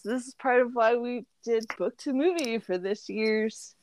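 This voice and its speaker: A woman in her thirties hosting a casual book club podcast, chatty and quick to laugh. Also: fairly high pitch, darkish tone, no echo. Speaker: podcast host.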